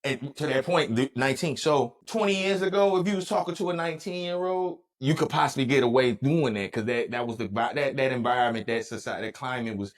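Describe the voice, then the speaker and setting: A man's voice: mid-range voice, a little fast, hardly any pauses. A man co-hosting a podcast, talking in loose, slangy casual chat and acting out voices for fun. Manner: loose, slangy storytelling with playful voice impressions. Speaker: podcast co-host.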